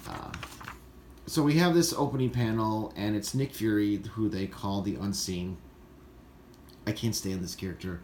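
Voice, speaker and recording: A man's voice: on the low side, moderate pace, pauses often, darkish tone, slight background noise. A man reviewing a comic in a casual, scoffing rant, with many filler uhs. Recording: roomy echo, faint ambience.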